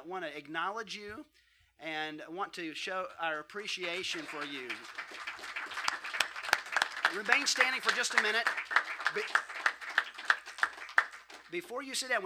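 A man's voice: high voice, lively intonation, measured pace, pauses often, crowd noise, noisy background. A man giving church announcements in a friendly, rambling way with frequent restarts. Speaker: church leader making announcements.

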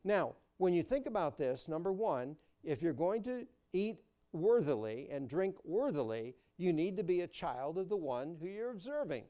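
A man's voice: on the high side, very animated, normal speed, hardly any pauses, mellow. A man preaching a sermon as pastor, folksy and storytelling. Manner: folksy, storytelling, repeats words.

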